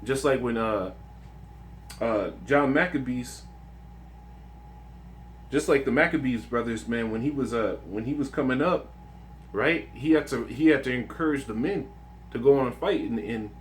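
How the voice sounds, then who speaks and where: A man's voice: medium pitch, moderate pace, long pauses, a little hiss or hum. A man recounting a dream and reading scripture in an informal religious video. He talks earnestly and conversationally, often restarting his sentences and adding "man".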